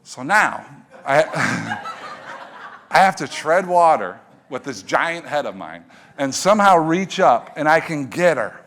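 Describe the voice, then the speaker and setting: Animated storyteller man, pitch a bit high. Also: slow. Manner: animated, with swings from hushed to loud and laughing. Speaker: speaker telling a story to an audience. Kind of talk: motivational storytelling talk.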